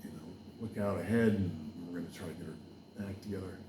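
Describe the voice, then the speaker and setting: A man's voice: deep voice, fast talker, echoey room, background noise. A man from Wales hosting a podcast, talking loosely and drifting from campaign plans into preaching, with lots of fillers and asides. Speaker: podcast host. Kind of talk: rambling casual monologue with preaching.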